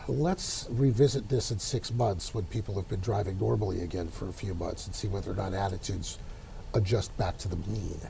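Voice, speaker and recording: A man's voice: low voice, steady tone, a little fast, vocal fry, warm tone, a little hiss or hum. A man, giving wry, opinionated commentary in a casual talk show discussion. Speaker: local politics commentator.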